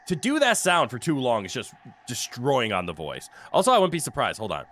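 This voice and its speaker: A man chatting while he streams a game, his voice bright and sharp-edged and bouncing all over his range. He cracks jokes, swears freely and laughs often. He speaks into a desk mic with a noise canceller. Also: medium pitch, wildly swooping pitch, fairly quick. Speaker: streamer playing a video game. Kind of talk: casual live-stream commentary.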